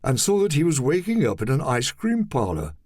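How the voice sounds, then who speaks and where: A man narrating a children's audiobook in a lively, expressive reading. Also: mid-range voice, fairly quick, no echo, studio quality. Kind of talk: scripted storybook narration.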